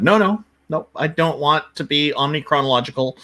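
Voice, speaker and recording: A man's voice: medium pitch, normal speed, bright, forceful tone. Casual man co-hosting a stream, earnest and rambly, just chatting. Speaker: co-host. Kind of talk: casual livestream chat.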